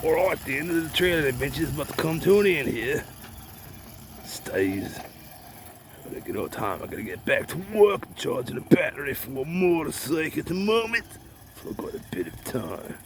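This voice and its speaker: Playful man narrating outdoors, lively pitch. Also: moderate pace, slight background noise. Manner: playful, talks to his toy truck. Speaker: RC crawler hobbyist. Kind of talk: casual outdoor vlog commentary. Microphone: phone on a small mount.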